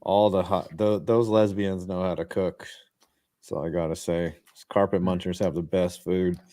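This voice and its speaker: A man hosting a casual podcast, swearing and joking while calling each pitch of a baseball game. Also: steady tone, moderate pace, mellow. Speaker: podcast host. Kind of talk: casual chat with live baseball play-by-play.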